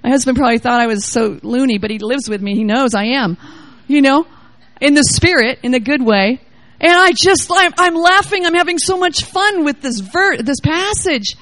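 A woman preaching a charismatic sermon, reading scripture aloud and commenting on it, swinging from loud exclamations to quiet asides. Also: high voice, normal speed, no echo.

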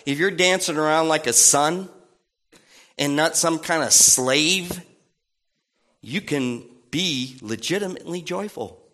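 Male preacher, sermon, playful and animated, high pitch. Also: takes it slowly. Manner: animated, playful, acts out voices and sounds.

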